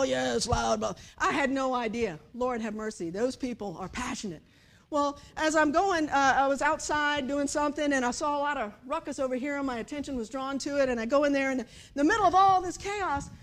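A woman preaching a sermon in an animated storytelling way, moving from hushed to loud and acting out voices. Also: sits high. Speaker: pastor.

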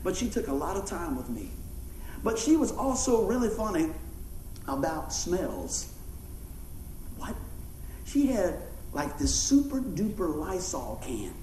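A man preaching a sermon, folksy and animated, telling stories and acting out voices. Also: high voice, a little slow, long pauses, echoey room, slight background noise, low-quality recording. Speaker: pastor. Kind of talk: sermon with storytelling.

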